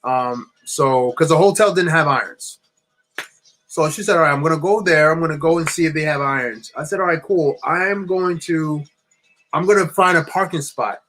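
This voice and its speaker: A young man from New Jersey telling a long, rambling, animated story while building with bricks. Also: fairly high pitch, moderate pace, a little hiss or hum. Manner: rambling, animated anecdote with many restarts. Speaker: LEGO builder streaming.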